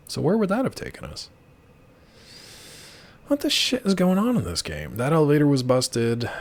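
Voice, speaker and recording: A man's voice: medium pitch, a little mellow. A man streaming a video game live, chatting casually and answering his chat with wry asides.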